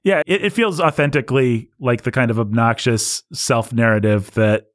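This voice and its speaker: A man's voice: mid-range voice, moderate pace, no room sound, clean studio sound. A man co-hosting a casual movie discussion, wry and sarcastic, often laughing as he talks. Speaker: podcast co-host.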